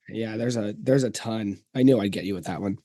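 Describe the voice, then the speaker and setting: A man's voice: on the low side, expressive, normal speed, warm tone, dry recording. Dry-voiced podcast host man. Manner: brief, dry interjections and chuckles. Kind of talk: casual chat.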